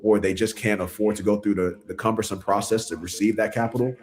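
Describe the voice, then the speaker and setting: A man's voice: lowish voice, fairly even intonation, fast talker, a little mellow. A man, a city council member running for office, talking earnestly in a casual interview and laughing at himself.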